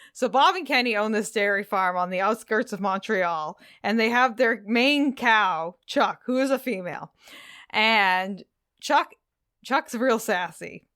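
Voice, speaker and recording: A woman's voice: mid-range voice, a bit bright, clear, resonant tone, no room sound, clean studio sound. A woman co-hosting a podcast, improvising a scene in a playful, rambling, self-mocking way. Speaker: podcast co-host. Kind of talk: casual improv chat.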